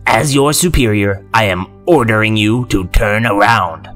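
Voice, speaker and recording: A man voicing a possessed military general who speaks gruffly, slowly and with eerie care. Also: lowish voice, expressive, fairly bright tone, soft background music. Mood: eerily kind. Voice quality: gruff, slow and delicate. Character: sinister male military general, possessed, coldly coaxing.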